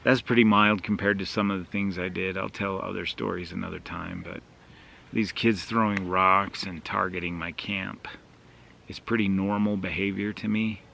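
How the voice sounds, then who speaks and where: A man's voice: low voice, fairly even intonation, moderate pace, vocal fry, pushed and bright, muffled recording, a little hiss or hum. A man vlogging outdoors at a mountain campsite, casually telling a rambling, self-deprecating story with fillers.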